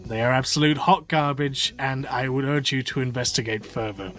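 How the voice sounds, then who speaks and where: Brief: male essayist narrator, calm lecturing read, faint guitar bed. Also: medium pitch, moderate pace. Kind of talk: scripted political video essay.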